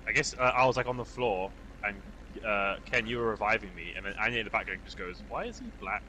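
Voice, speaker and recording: A man's voice: lowish voice, fairly even intonation, fast talker, sharp tone, a little hiss or hum, rough recording. A young man chatting while gaming, telling rambling stories full of fillers. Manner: rambling, filler-heavy storytelling. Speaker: gamer. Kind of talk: casual gaming chat.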